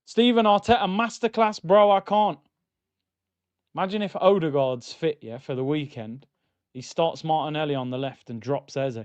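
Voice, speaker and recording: Man, football watchalong host, excitable banter, smooth voice, dry dull stream audio. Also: a little high, moderate pace, no room sound. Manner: excitable, banter-heavy, shouts at goals. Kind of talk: live match watchalong commentary.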